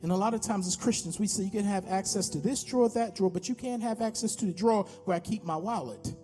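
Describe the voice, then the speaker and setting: Impassioned American pastor with a high voice. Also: male voice, fast, mellow, faint music behind. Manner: impassioned, repetitive exhortation. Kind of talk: sermon with altar call. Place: church sanctuary.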